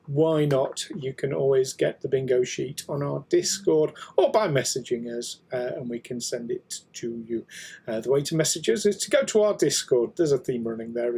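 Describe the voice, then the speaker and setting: Husky chatty British man. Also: fairly high pitch. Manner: chatty, jokey, laughs often. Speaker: co-host. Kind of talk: casual podcast chat.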